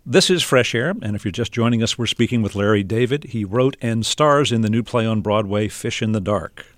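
A man's voice: fairly low pitch, no echo. Man hosting a radio interview. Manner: measured, introduces clips. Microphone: studio microphone.

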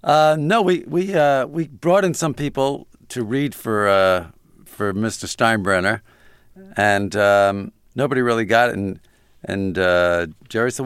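A man guest recounting anecdotes in a dry, self-deprecating manner. His voice sits low. The studio sound is completely dry. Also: unhurried, clear, resonant tone, dry recording. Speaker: guest, comedy writer. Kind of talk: casual interview storytelling.

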